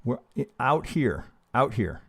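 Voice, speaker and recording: A man's voice: medium pitch, sing-song, a little slow, vocal fry, a bit bright, slightly rough. A man teaching trading on a live stream, talking casually and profanely and asking rhetorical questions as he goes over charts. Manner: talks himself through charts with rhetorical questions. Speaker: trading educator.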